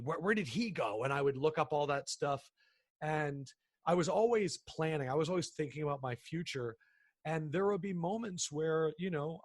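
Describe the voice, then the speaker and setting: A man in his thirties, recorded close and dry, talks in a mid-range voice. He tells casual stories as an interview guest, animated and quick to act out other people's lines, often restarting his sentences. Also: medium pitch, dry recording. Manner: animated, acts out quoted people, frequent restarts. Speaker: sports broadcaster, interview guest.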